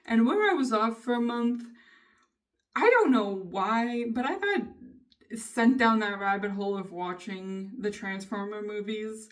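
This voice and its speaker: A woman's voice: mid-range voice, lively intonation, unhurried, distant mic. A woman vlogger talking casually in a diary style, candid and swearing freely as she vents. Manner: candid, frequent swearing, venting with bursts of laughter.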